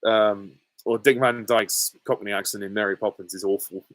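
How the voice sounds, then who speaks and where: A young man in his twenties chats through viewer questions on a live stream, with a lowish voice. He talks in an easygoing, halting way, full of ums and small laughs. The sound is dry and close. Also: steady tone, dry recording, low-quality recording. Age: 20s. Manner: easygoing, hesitant with frequent ums and soft laughs. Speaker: YouTuber answering viewer questions. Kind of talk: casual live Q&A reading chat comments.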